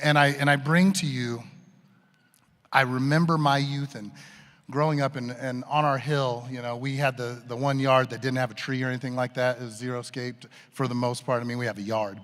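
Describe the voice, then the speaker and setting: A man's voice: medium pitch, a bit bright. A man delivering a graduation speech outdoors, telling a funny family story with self-deprecating humor before closing earnestly. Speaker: graduation speaker. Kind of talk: commencement speech. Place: outdoor stadium ceremony. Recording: reverberant public address sound.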